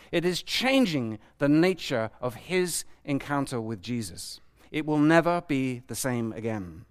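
A man's voice: a little high, a bit bright. A man preaching a sermon to a live audience, asking his listeners questions and acting out the voices he quotes.

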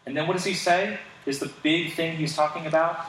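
A man's voice: on the high side, fairly quick, fairly bright tone, slight background noise. A man preaching a sermon as pastor, earnest and emphatic, posing rhetorical questions to the congregation. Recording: echoey room, distant mic, faint ambience.

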